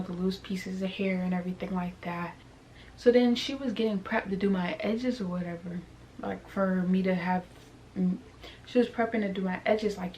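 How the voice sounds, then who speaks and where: A woman's voice: medium pitch, slight background noise. Chatty young woman telling a storytime. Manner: chatty and animated, heavy on fillers like "like" and "you know what I'm saying". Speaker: vlogger. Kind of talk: casual storytime.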